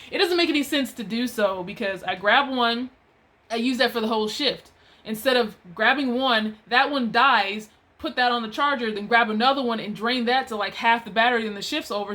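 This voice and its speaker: Exasperated woman ranting about work. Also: medium pitch. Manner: exasperated, animated, chatty. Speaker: vlogger telling a work story. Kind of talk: casual storytime rant.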